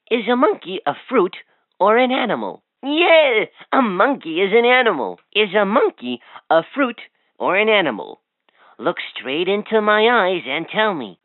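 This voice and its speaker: A woman's voice: mid-range voice, no echo. A woman voicing a cheerful, chatty talking toy that quizzes and teases a child in a playful sing-song. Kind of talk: toy voice lines. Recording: tinny, dry toy speaker audio.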